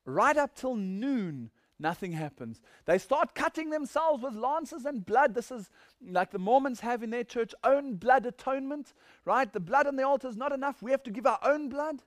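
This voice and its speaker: A man's voice: extremely high pitch, animated, moderate pace, no room sound, clean studio sound. A man preaching a sermon, reading scripture and asking rhetorical questions with mocking asides.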